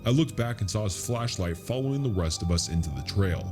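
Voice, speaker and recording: A man reading a scary true story as a narrator, in a slow, hushed, suspenseful delivery. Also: sits low, expressive, music in the background. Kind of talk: scripted horror story narration.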